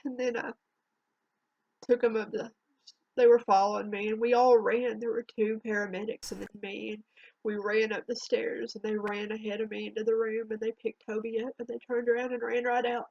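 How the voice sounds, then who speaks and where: A woman telling a painful personal story in a halting, emotional way, her voice trembling near tears, in a dull lo-fi home recording. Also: a little high, level tone, vocal fry, a little mellow, no room sound. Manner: halting, emotional, with restarts and long pauses. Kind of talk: personal spoken testimony.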